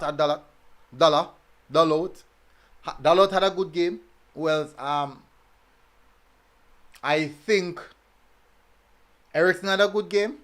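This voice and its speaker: This man's voice is high and a bit bright. Running a relaxed football review stream, he reads out chat comments and chats along, leaning on fillers and repeating phrases.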